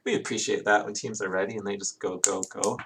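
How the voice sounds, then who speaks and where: A man's voice: on the low side, steady tone, quick pace, fairly bright tone, slight background noise. A man doing live play-by-play commentary on an online game, chatting casually between plays. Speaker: esports commentator.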